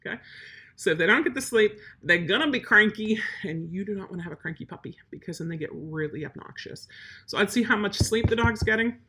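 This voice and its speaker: A woman's voice: mid-range voice, brisk, a bit bright, breathy edge. A woman service dog trainer giving blunt, emphatic advice while answering viewer questions live. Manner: blunt, emphatic, matter-of-fact.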